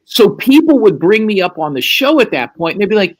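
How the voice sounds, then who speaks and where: A man's voice: sits high, normal speed. A man hosting a show, telling a profane story casually and acting out the quotes. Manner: profane, animated, acts out quotes. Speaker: host.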